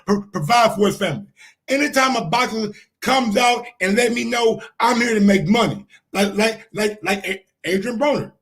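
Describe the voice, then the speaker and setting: Male sports host, very high voice, heated, shouty, repeats lines for emphasis. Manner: heated, repetitive, frequently shouting. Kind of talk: animated sports commentary.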